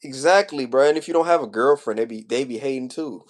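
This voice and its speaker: A man's voice: medium pitch, quick pace. A man in his twenties venting to a livestream chat in a casual, slangy rant, repeating himself and growing emotional. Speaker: streamer.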